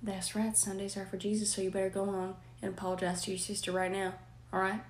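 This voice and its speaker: A woman performing a comedy sketch, animated and switching between characters. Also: mid-range voice, quick pace, reverberant, slight background noise. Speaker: comedy creator.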